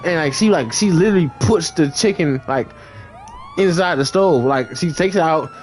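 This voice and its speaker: A man's voice: moderate pace, darkish tone, slight background noise. A young man telling a long story in casual chat, rambling with lots of fillers and acting out the people in it. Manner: rambling, heavy on fillers, acts out others in high voices.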